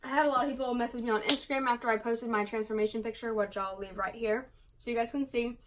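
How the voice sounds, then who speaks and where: A young woman chatting casually to her camera as a vlogger, quick and rambling, full of likes and ums. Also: on the high side, fairly even intonation, background noise.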